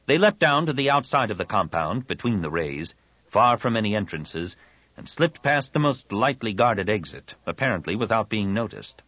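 A man's voice: lowish voice, big pitch swings, normal speed, sharp tone, dry recording. A man reading a science fiction audiobook in dramatic narration. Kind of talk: scripted narration.

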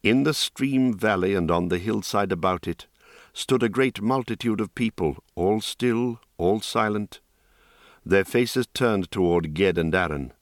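A man narrating a fantasy audiobook in calm, steady scripted storytelling. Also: fairly low pitch, measured pace, no echo, clean studio sound.

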